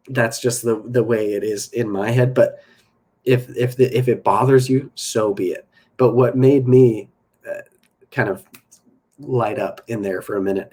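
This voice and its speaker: A man's voice: fairly low pitch, darkish tone, husky. A man hosting his own podcast, talking alone in a casual, opinionated and rambling way with many fillers and restarts. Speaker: podcast host. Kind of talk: casual solo podcast monologue.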